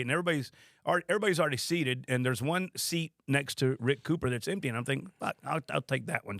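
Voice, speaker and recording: A man's voice: mid-range voice, a bit bright, no echo, clean studio sound. Profane laughing male storyteller. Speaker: podcast co-host. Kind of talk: casual storytelling.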